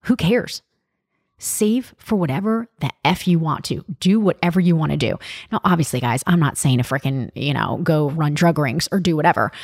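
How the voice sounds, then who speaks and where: A woman's voice: sits low, expressive, a little fast, creaky, a little mellow, dry recording, studio quality. A young adult woman hosting a podcast, talking candidly and casually with lots of fillers and swearing. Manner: candid, profane, chatty with many fillers. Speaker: podcast host.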